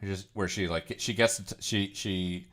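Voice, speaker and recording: A man's voice: low voice, steady tone, moderate pace, fairly bright tone. A man hosting a livestream, chatting casually as he reacts to clips, rambling with plenty of fillers and chuckles. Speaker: livestream host.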